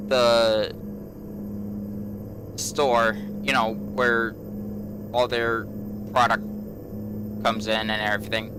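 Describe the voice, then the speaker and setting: A man who hosts a gaming channel tells a long everyday story in a casual vlog, wandering off track, repeating himself and plugging gaps with "you know." His voice sits in the mid range, and the background is noisy.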